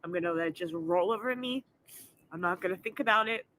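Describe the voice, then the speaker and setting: A woman's voice: lowish voice, quick pace, a bit bright, poor audio. A woman in her forties, upset and tearful, swearing as she talks into her phone in an emotional vlog after an arrest. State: crying. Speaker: vlogger.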